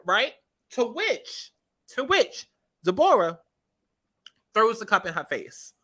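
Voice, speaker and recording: A woman's voice: on the high side, sing-song, takes it slowly, a bit bright. A woman giving casual, profane commentary on a reality-TV clip, talking straight to her viewers and repeating points for emphasis. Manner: talks to viewers while scrubbing through a clip. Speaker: commentary vlogger.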